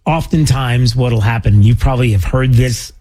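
Role: Talk radio host. Sex: man. Quality: husky. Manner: exasperated, stammering. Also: medium pitch, normal speed, dark tone. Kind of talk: call-in talk radio commentary.

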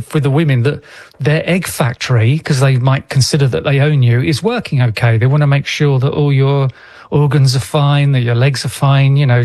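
A man giving calm, earnest explanations as an interview guest, often restarting his sentences mid-thought. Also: medium pitch, no echo.

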